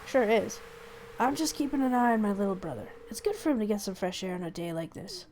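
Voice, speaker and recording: A young man gently reassures his little brother in a steady, plain voice, as a woman reads the game lines aloud. The read is soft and comforting. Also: mid-range voice, fast talker, a little hiss or hum, close to an everyday voice. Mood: reassuring.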